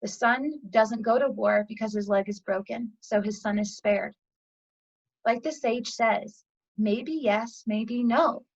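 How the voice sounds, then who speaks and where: A woman guest in an interview, telling a parable in a chatty, animated way with fillers, as a yoga teacher. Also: a little high, takes it slowly, highs cut off. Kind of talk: storytelling a parable in conversation.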